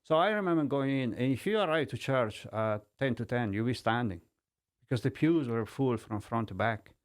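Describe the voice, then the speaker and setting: A man from Italy speaks English with a strong Italian accent. He is a middle-aged podcast guest, and he tells his story in animated, broken English full of restarts. His voice sits at a middle pitch. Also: normal speed. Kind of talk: personal testimony in conversation.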